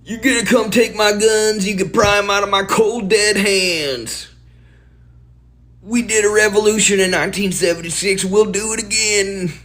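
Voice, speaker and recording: A man voicing an angry, defiant American gun owner in a much higher, shrill voice. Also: fairly even intonation, moderate pace, fairly bright tone, soft background music.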